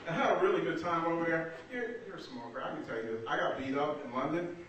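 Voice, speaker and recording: A man's voice: fairly high pitch, animated, quick pace. A man doing a stand-up comedy set in a small theater, talking conversationally and laughing through his punchlines. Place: small theater stage with audience. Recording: roomy echoey far-off amateur recording with loud noise.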